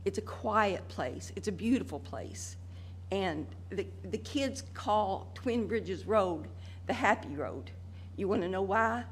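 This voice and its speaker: A woman's voice: mid-range voice, expressive, slight background noise. An older woman, speaking angrily and emotionally as a resident during public comment at a meeting. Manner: angry, emotional, drawn-out pleading. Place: council meeting room.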